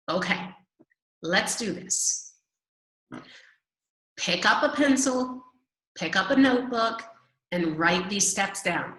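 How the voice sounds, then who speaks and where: A woman teaching a recorded math lesson, slow and reassuring, drawing out repetitions and walking students through the steps. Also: mid-range voice, a bit bright, reverberant, low-quality recording.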